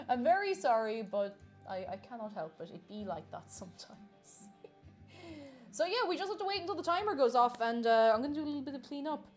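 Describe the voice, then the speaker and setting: This high-pitched, very animated woman talks briskly during a casual cooking livestream from her home kitchen, giggling and greeting viewers by name. Faint music can be heard behind her.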